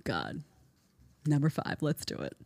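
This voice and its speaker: Sarcastic woman podcaster, super lively up-and-down voice, dry close mic. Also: low-pitched, unhurried, creaky, dry recording. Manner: sarcastic, mocking impressions. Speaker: podcast host. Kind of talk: opinionated commentary. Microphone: studio microphone.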